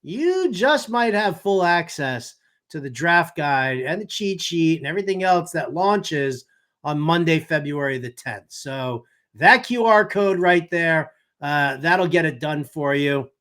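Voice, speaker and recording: A man's voice: fairly high pitch, animated, measured pace, fairly bright tone. A man in his mid-fifties hosting a fantasy baseball podcast, rambling, joking and cursing freely in casual chat. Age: 50s. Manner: rambling, jokey, curses freely. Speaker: podcast host.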